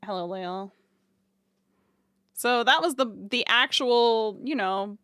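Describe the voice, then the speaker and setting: A woman's voice: a little high, slow, fairly bright tone, clean tone, no echo, clean studio sound. A woman streamer chatting casually with her viewers, swearing freely and laughing often.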